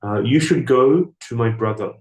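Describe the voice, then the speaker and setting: A man telling a scripture story in a temple hall, voicing the characters as he goes. His voice sits in a middle register. The room gives it a clear echo. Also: animated, moderate pace. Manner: storytelling, acting out dialogue with raised pitch. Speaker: speaker giving a scripture class. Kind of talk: sermon storytelling. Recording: echoey room.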